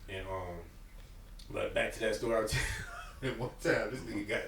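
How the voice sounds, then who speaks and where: A man's voice: lowish voice, steady tone, moderate pace, vocal fry, fairly bright tone. A man from Florida, telling laid-back stories as a podcast guest and laughing through them. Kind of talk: casual storytelling chat. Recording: echoey room, far from the mic, faint hum.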